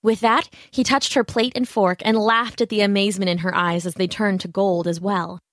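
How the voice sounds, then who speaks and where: A woman's voice: medium pitch, steady tone, normal speed, fairly bright tone, dry recording, clean studio sound. A woman narrating a fairy tale steadily, with asides to the listener. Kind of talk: storybook narration.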